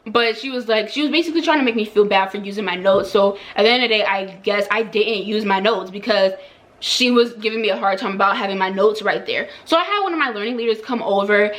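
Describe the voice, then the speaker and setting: A young woman, a hairstylist, chats through a storytime and keeps circling back with "like" and repeated phrases. Her voice sits at an ordinary middle pitch. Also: fast talker, fairly bright tone. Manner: chatty, lots of "like" and repeats. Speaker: hairstylist and vlogger. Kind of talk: casual storytime.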